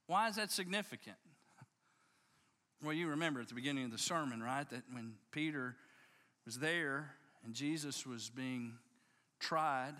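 Bright-voiced, impassioned male preacher. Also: medium pitch, normal speed, long pauses. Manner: impassioned, emphatic storytelling with frequent restarts. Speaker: pastor. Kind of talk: sermon. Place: church service before a congregation.

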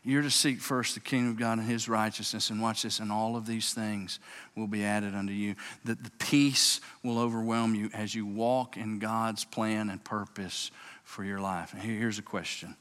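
A fairly low, fairly bright male voice with little pitch movement delivers a sermon at normal speed. The pastor is emphatic, often repeats and restarts words, and keeps saying "watch this," all echoing in the long reverb of a large sanctuary.

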